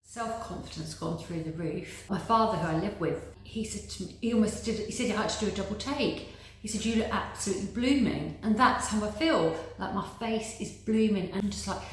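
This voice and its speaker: Woman, echoey chatty testimonial. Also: medium pitch. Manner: earnest, chatty, full of repeats like "very, very". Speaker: patient giving a testimonial. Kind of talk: casual interview testimonial. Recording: very echoey room with faint noise.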